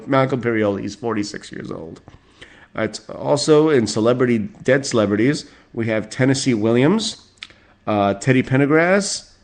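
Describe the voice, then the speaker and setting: A man in his forties hosting a solo podcast, reading out celebrity birthdays with rambling, profane asides and chuckles. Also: lowish voice. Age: 40s. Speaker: podcast host.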